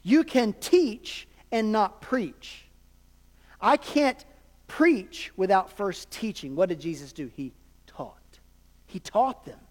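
A man's voice: sits high, expressive, slow pace. A man preaching a sermon as a pastor, conversational with jokes and asides to the congregation. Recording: long hall reverb.

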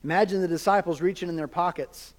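High-voiced preacher in a reverberant hall. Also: male voice, fast. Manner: conversational preaching with jokes and asides. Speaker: pastor. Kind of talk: sermon.

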